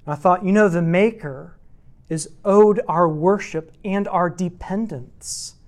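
In this teaching sermon, a high-pitched man speaks unhurriedly to a church class about meditating on scripture. He works point by point through a numbered list and repeats rhetorical questions.

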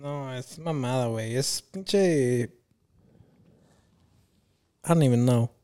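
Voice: medium pitch, takes it slowly, dark tone, smooth. A young adult chatting casually with friends, teasing and switching between English and Spanish.

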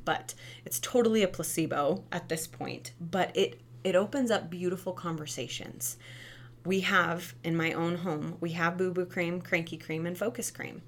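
A woman's voice: sits low, fairly even intonation, a little fast, vocal fry, few pauses, a bit bright, a little hiss or hum. A young woman talking earnestly about parenting as a mother, chatty and tagging her points with "right?". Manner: earnest, chatty, frequent "right?" tag questions. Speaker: mother sharing parenting advice. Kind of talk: casual monologue.

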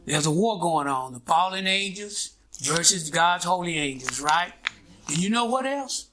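A pastor preaches in a call-and-response style, prodding his congregation with "what?" and "huh?" and waiting for their answers. His voice sits high and is bright and forceful, with lively intonation and an unhurried pace.

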